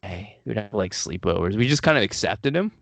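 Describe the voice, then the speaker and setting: A man co-hosting a casual podcast, his voice rising and falling freely as he tells anecdotes and laughs between lines. The sound is close and dry, with no room around it. He talks at a middle pitch. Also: a little fast, gravelly, no echo. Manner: laughs often, animated storytelling. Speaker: podcast host. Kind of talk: casual chat.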